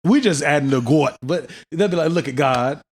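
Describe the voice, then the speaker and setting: A man's voice: fairly high pitch, animated, normal speed, slight background noise. A man co-hosting a podcast, in a casual, joking chat full of slang and laughter. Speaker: podcast co-host.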